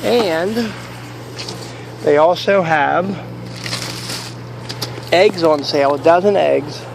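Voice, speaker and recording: A man with a raised, gravelly voice rambles and jokes as he tells a story, chatting casually to his viewers. He records himself from a parking lot and then his parked car, with faint outdoor noise behind him. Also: fairly high pitch, slow. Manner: rambling, jokey, digressive. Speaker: vlogger.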